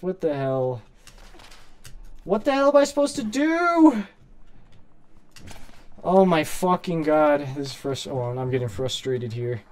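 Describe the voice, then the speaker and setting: A man doing casual, excitable gameplay commentary, swearing and shouting at his character while saying he is hungry and tired. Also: a little high, slow pace, long pauses. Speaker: gaming streamer.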